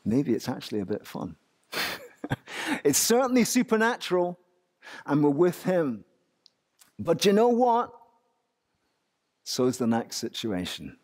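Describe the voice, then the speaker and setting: Male English pastor, high and lively voice, unhurried sermon delivery full of rhetorical questions. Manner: animated preaching with rhetorical questions.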